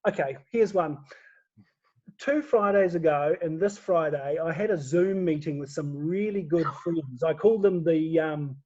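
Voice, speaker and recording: A man with a high voice talks casually as an interview guest, laughing often and tripping over his words as he goes. The sound is dull and lo-fi, like a video call. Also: measured pace, darkish tone. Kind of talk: casual chat.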